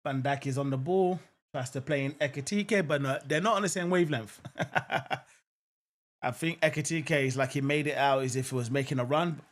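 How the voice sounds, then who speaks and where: A man's voice: medium pitch, normal speed. Casual man's live football watchalong. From England. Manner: casual, repeats phrases, lots of "um" and "I'm not gonna lie"; jumps to excited exclamations at near-misses. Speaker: live match watchalong host. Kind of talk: live football commentary and chat reading viewer comments.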